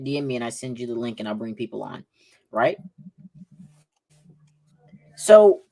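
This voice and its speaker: A man with a Southern accent hosting a political livestream podcast, combative and repeating "right?" again and again. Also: on the high side. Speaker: podcast host.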